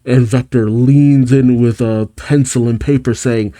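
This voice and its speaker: A man casually reading a comic aloud and reacting to it, chatty and quick to laugh. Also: medium pitch, dark tone. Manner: chatty, laughs often, narrates panels.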